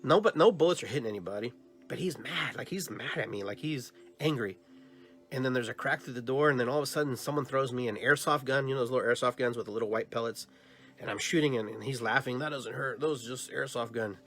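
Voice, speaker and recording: Speaking fast at a medium pitch, this podcast host animatedly retells his own dream, performing both sides of the dialogues. His long, trailing sentences are full of filler and restarts, and faint music sits underneath.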